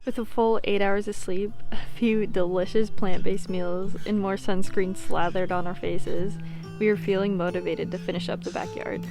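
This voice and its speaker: A woman narrates a vlog in a calm, reflective scripted voice-over. Her voice sits at an ordinary middle pitch. Gentle music plays behind her. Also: moderate pace, gravelly. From New England. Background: background music.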